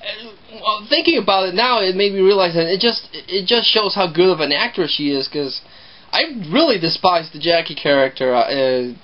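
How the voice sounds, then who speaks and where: A man's voice: high voice, lively intonation, normal speed, highs cut off. A man talking through a movie review in a casual, rambling way, often repeating himself.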